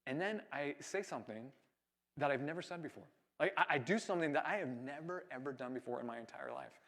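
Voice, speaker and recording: A young male pastor originally from California tells a story from the pulpit. His voice sits a little higher than most men's, and he acts out every line of dialogue with lively, animated delivery. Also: fast talker, vocal fry. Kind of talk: sermon storytelling.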